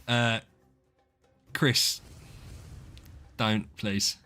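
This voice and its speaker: A man's voice: lowish voice, level tone, drawn-out words, pushed and bright, clean tone, soft background music. A man, chatting casually with viewers on a game stream, rambling and swearing as he answers them. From southeast England.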